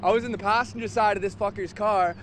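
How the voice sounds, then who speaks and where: A man's voice: high-pitched, steady tone, fast, a little hiss or hum. A man speaking as an eyewitness in an outdoor news interview, telling a rambling story full of profanity.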